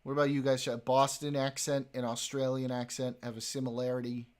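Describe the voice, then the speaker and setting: A man's voice: medium pitch, flat delivery, a little fast. A man streaming live, chatting casually with his viewers, joking, swearing and laughing often.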